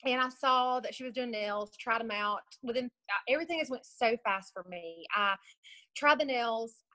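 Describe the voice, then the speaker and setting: A woman's voice: fairly high pitch, normal speed, sharp tone, no echo, low-quality recording. A young woman, talking casually and unscripted on a video team call about selling nails. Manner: chatty and upbeat, with many fillers and restarts. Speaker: nail product seller sharing tips on a team call.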